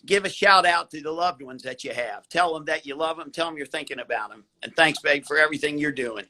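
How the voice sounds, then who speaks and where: Gravelly, bright-voiced folksy doctor. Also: male voice, on the high side, a little fast, slight background noise, low-quality recording. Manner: warm, folksy, calls the host baby. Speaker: hospital doctor guest. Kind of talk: casual live interview.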